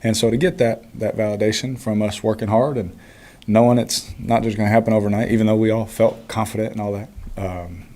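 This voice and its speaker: Man, 30s, quarterback at a postgame presser, easygoing, laughs often, mellow low voice. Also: a little fast. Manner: relaxed, chuckling, many fillers. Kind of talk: postgame press conference answers.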